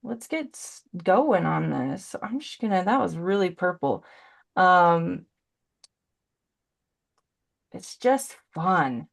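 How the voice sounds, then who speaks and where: On a video call, a forties-aged brand ambassador rambles through a live painting demonstration, dropping puns along the way. She speaks slowly in a lowish, lively voice with vocal fry and frequent pauses, keeping the tone chatty.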